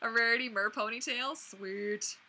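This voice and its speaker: A young woman hosting a casual livestream, chatting to viewers in an animated way with many fillers and restarts. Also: mid-range voice, normal speed, poor audio. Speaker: mermaid performer and livestream host. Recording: faint background noise.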